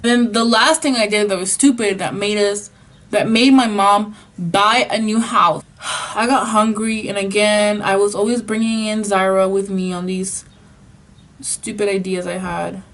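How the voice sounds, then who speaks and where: A woman's voice: mid-range voice, fairly even intonation, unhurried. A young adult woman vlogger telling a casual story in a chatty way, full of "like" and the odd Spanish phrase. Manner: chatty, filler-heavy with frequent "like", Spanish phrases.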